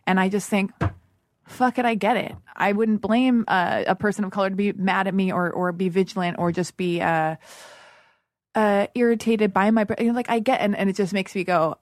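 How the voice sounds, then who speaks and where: A woman's voice: mid-range voice, steady tone, normal speed, dry recording. A woman hosts a podcast in a loose, casual conversation. She talks candidly and emotionally, often swearing and circling back on her sentences. The sound is close and dry, with no room around her voice. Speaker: podcast host. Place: Los Angeles.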